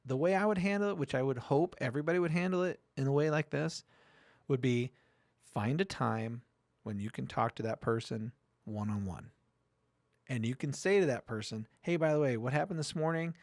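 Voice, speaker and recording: A man's voice: mid-range voice, expressive, moderate pace, vocal fry, a little mellow, dry recording, studio quality. A middle-aged man co-hosting a casual podcast, talking bluntly and emphatically and swearing freely. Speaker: podcast co-host. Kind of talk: casual profane chat.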